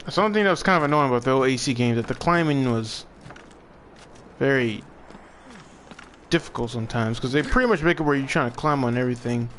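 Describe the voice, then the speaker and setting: A young man at a desk mic, talking through his gameplay in a relaxed, rambling way. His voice sits at an ordinary middle pitch. A faint hiss of background noise runs under the speech. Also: fast talker, long pauses. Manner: laid-back, chatty, thinks aloud while playing. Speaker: gaming streamer. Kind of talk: casual live gameplay commentary.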